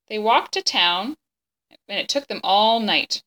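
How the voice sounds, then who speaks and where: At a medium pitch and an unhurried pace, a woman reads a children's chapter book aloud, gently and expressively. Now and then she pauses to explain the pictures and what's happening in the story.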